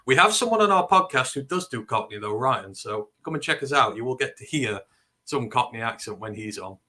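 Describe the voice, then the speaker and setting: Bright-voiced man with a Northern English accent. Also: mid-range voice. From northern England. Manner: animated, opinionated, quick asides. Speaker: co-host. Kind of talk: casual sports talk livestream.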